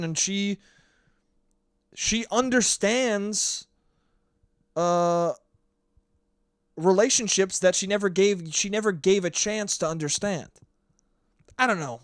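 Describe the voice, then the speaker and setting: A man's voice: high-pitched, unhurried, long pauses, no echo. A young man hosting a solo podcast while hungover, rambling, swearing and earnest, with laughs along the way. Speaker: podcast host. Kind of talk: casual solo podcast monologue. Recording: dry close sound with sirens outside.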